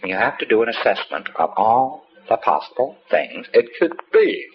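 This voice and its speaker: Low-voiced man giving a rambling lecture. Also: very animated, moderate pace, husky. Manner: folksy, wry, profane asides. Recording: dull lo-fi tape with faint hiss.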